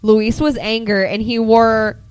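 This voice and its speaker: A fairly high-voiced woman on a podcast, swept up in her own stories and acting out what people said. Her voice is dry and close to the mic, with no room sound around it. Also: a little slow, smooth, no room sound. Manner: animated storytelling, acts out quotes. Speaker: podcast co-host. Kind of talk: casual chat.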